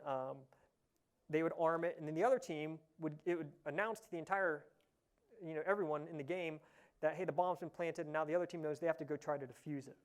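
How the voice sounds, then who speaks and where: A man from Ohio, giving a casual conference tech talk, relaxed and chatty with lots of "uh" fillers. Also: on the high side, clean tone. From Ohio, USA. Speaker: conference presenter. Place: conference session room.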